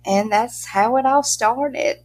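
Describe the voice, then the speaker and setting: A woman's voice: on the high side, takes it slowly, slightly rough. A middle-aged woman from Mississippi with a strong Southern accent, chatting as an interview guest, laughing often and using country turns of phrase. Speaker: guest, pet content creator. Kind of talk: casual interview chat.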